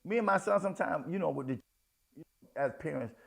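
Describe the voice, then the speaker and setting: Gravelly high-voiced man preaching. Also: lively intonation, a little fast. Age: middle-aged. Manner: conversational preaching with sudden emphatic outbursts. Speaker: pastor. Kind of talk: sermon.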